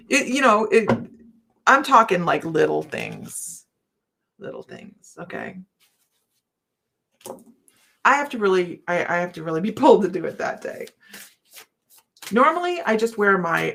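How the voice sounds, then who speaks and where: A woman's voice: fairly low pitch, gravelly, a bit bright. Middle-aged woman gabbing on a live chat, jokey and self-mocking, laughs a lot. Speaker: host of a psychic live chat. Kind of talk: casual live chat with viewers.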